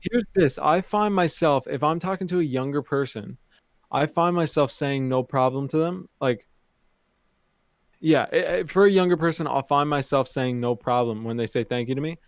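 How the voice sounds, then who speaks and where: A man's voice: fairly high pitch, moderate pace, no echo. A young man from Canada co-hosting a podcast, chatting casually and telling rambling stories with restarts. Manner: easygoing, rambling storytelling with restarts. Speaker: podcast co-host. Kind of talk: casual chat.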